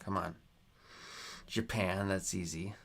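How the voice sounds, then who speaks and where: Casual American man, low voice. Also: fairly even intonation, takes it slowly, creaky, fairly bright tone. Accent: American, Nevada. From United States. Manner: chatty, reads viewer comments aloud and argues with them, swears when annoyed. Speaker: streamer. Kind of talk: casual live-stream chat while playing a geography quiz.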